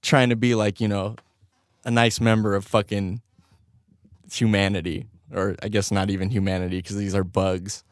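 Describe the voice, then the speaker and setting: A man hosting his own podcast from a home studio, telling a story in a casual, animated way, swearing constantly and laughing along. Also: fairly low pitch, normal speed, no room sound. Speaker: podcast host.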